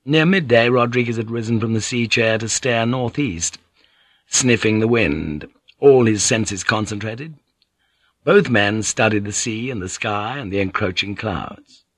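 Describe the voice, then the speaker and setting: A male audiobook narrator with a low voice and a measured, even delivery. The recording is dry and close. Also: no echo. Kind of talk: scripted narration.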